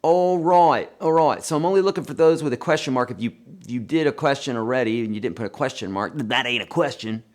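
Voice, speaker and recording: A man hosting a live guitar lesson and Q&A, chatty and animated, talking to viewers as friends and reading their questions aloud. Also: mid-range voice, quick pace, few pauses. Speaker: guitar teacher hosting a livestream.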